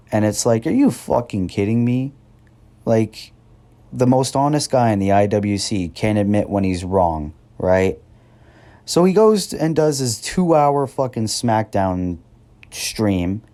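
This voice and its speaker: Young man, twenties, lower mellow voice, angry sarcastic vlog rant, swears a lot. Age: 20s. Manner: angry, profane, sarcastic, mocks others in a whiny voice. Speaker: wrestling commentator. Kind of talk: heated rant.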